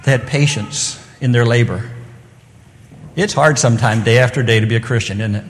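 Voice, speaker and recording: A middle-aged man delivers an evening sermon, talking earnestly and conversationally and slipping into the voices of the people he quotes. His voice sits at an ordinary mid pitch. A long hall reverb trails after each phrase. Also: brisk, a little hiss or hum. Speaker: preacher.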